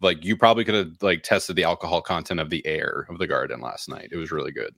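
Deep, punchy man, podcast co-host, rambling self-deprecating storyteller, dry close mic. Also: fast, creaky, a bit bright, husky, dry recording. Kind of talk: casual chat.

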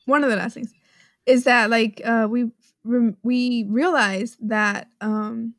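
A woman's voice: fairly high pitch, steady tone, takes it slowly, a bit bright, no echo, studio quality. A young woman with a Texan accent, co-hosting a casual podcast chat, bubbly and giggly with lots of fillers. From Texas. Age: young adult. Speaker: podcast co-host.

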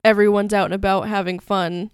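A young woman chimes in on a casual podcast chat, tossing in short reactions, questions and blunt jokes. Her voice sits at an ordinary middle pitch. It is recorded close and dry. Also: flat delivery, a little fast, clean tone, dry recording. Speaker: podcast co-host.

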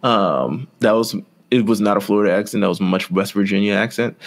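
Low-voiced rambling male podcast co-host. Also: brisk. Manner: rambling, full of "like" and "you know". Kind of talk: casual chat.

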